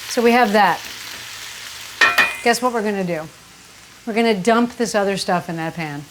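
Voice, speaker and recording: The recording is very noisy as a woman hosts a casual kitchen cooking demonstration, chatty and candid, teasing herself and breaking into sudden exclamations. She speaks at a medium pitch and normal speed as a cooking show host.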